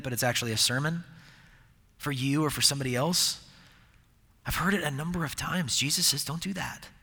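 A middle-aged man preaching a sermon, with a conversational, animated manner and many restarts. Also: a little high. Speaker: pastor. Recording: long hall reverb.

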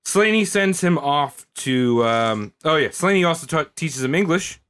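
A man's voice: on the high side, a little slow, clear, resonant tone. A man co-hosting a casual podcast, retelling history in a jokey, swearing way. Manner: animated, swearing, jokey storyteller. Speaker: podcast co-host.

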